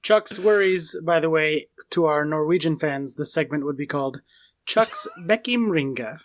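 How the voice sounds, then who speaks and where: A man co-hosting a casual podcast chat, delivering deadpan running jokes. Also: a little high, moderate pace. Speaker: podcast co-host.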